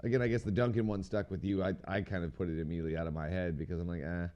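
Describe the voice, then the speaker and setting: A man's voice: low-pitched, fairly even intonation, very fast, lo-fi sound. A man co-hosting a podcast, chatting casually in a rambling, slangy way and swearing now and then. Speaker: podcast co-host. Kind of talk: casual chat.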